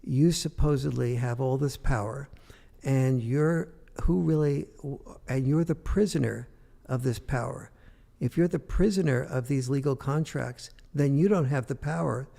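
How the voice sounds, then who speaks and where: Gravelly older man telling a story. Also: medium pitch, measured pace, warm tone, in a large hall. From United States. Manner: rambling anecdotal storytelling with many fillers. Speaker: guest author. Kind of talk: storytelling in an interview.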